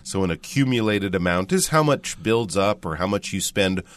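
Lively low-voiced man co-hosting. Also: moderate pace. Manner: upbeat, animated, often agrees. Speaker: English teacher and co-host. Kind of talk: radio English lesson.

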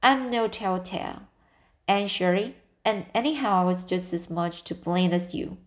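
A woman reading the part of a spirited girl, the heroine's best friend, lively and gossipy. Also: medium pitch, moderate pace, lightly acted.

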